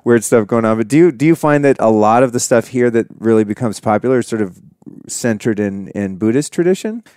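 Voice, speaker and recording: A man's voice: medium pitch, lively intonation, brisk, a little mellow, clean tone, dry recording, studio quality. A man hosting a podcast, talking in a casual, rambling and upbeat way with lots of fillers. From California. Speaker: podcast host. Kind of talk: casual conversation.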